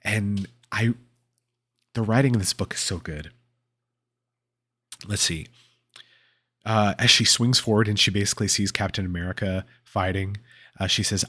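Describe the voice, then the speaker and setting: Man, podcast host, casual comic recap, rambling, deep voice, husky. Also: fairly even intonation, normal speed, pauses often, pushed and bright. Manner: rambling with fillers and laughs.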